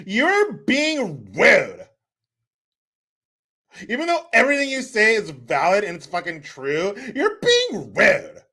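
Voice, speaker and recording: A haughty woman politician scolds in a slow, prim, drawn-out voice, as a man mimics her. Her pitch sits high and bright, with a lilting, exaggerated sweep. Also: wildly swooping pitch, exaggerated voice. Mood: scolding.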